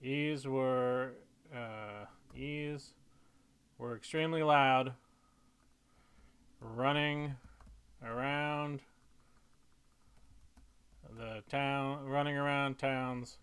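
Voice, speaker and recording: A man writing comedy and thinking aloud, halting and muttering to himself, now and then slipping into silly voices. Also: medium pitch, steady tone, fairly bright tone, clear, resonant tone. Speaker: comedy writer.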